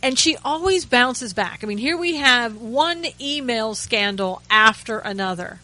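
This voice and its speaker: Bright-voiced sarcastic talk radio woman. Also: fairly high pitch, expressive, a little slow, poor audio. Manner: sarcastic, chatty, frequent restarts and asides. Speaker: radio host.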